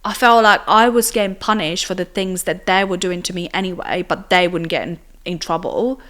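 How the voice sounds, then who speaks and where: A young woman with a slightly low voice talks as an interview guest. She recounts personal experiences in a loose, chatty way. Her sentences are strung together with constant fillers and tag questions. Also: normal speed, a bit bright. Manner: chatty, filler-heavy with frequent "like" and "do you know what I mean". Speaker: podcast guest.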